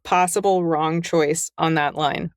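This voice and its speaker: A middle-aged woman with a low voice speaks unhurriedly in a clean studio recording with no room sound. A novelist and guest narrator, she tells stories in a candid podcast chat, animatedly acting out the quotes.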